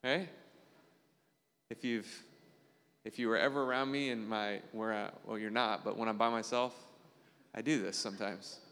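A man preaching a conversational sermon as pastor, earnest and animated, often checking in with the congregation through quick tag questions. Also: smooth, long reverb tail. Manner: earnest, animated preaching with sudden jumps in pitch.

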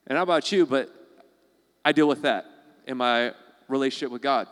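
A man's voice: medium pitch, fairly quick, pauses often, fairly bright tone, big-room sound. A man preaching a sermon as pastor, in a conversational way, acting out the voices of the people he quotes.

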